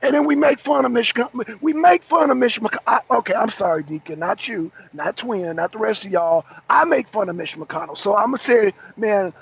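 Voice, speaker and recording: A man on a political talk show ranting loudly, swearing and repeating himself, sometimes breaking into laughter. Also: high-pitched, expressive, normal speed, vocal fry, hardly any pauses, husky. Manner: loud, profane, repetitive ranting. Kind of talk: heated political rant. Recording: dull lo-fi stream audio.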